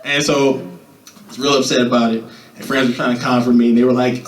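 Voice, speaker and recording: A young man doing stand-up at an open mic, talking loosely and animatedly and jumping into high squeaky voices when he quotes people. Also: little pitch movement, brisk. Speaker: stand-up comedian. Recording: echoey room, mic from a distance.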